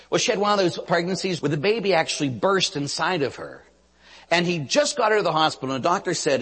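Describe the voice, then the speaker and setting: A Catholic priest with a fairly high, somewhat bright and slightly rough voice preaches a sermon in a large hall. He weaves in stories, acts out quotes, and asks his listeners "Huh?"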